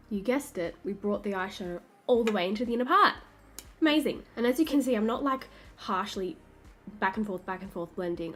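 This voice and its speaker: An Australian woman, a makeup artist, chatting through a makeup tutorial step by step as she works. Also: mid-range voice. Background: soft background music.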